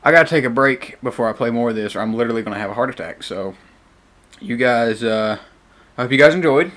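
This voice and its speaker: A young man with a bright voice, playing a horror game and narrating aloud. He shouts in fright, mutters to himself, and talks close to a desk mic at home. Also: medium pitch, animated, quick pace. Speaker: gaming YouTuber.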